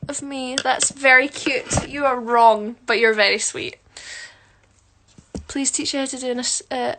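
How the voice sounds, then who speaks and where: A woman's voice: high voice, a bit bright. Chatty self-mocking woman. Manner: chatty, self-mocking, answers viewer questions while doing makeup. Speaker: musical theatre performer. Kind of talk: casual livestream chat. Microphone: phone livestream.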